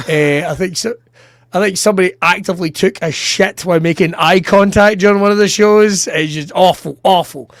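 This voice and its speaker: A man's voice: high-pitched, normal speed, no echo. A man, a comedian telling sweary, self-mocking stories in casual podcast chat and laughing through them.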